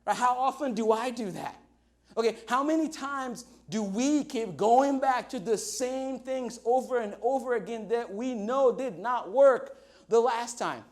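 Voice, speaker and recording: A male pastor delivering a chatty, humorous sermon. His voice sits fairly high, and he keeps pulling the listeners in with quick asides. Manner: conversational, humorous, frequent "right?" asides.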